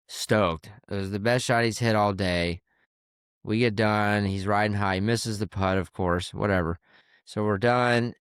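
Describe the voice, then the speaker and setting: A man's voice: fairly low pitch, smooth, no echo, clean studio sound. A man who works as a caddie and hosts a podcast, telling stories from the course in a candid, conversational way and swearing casually. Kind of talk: casual storytelling.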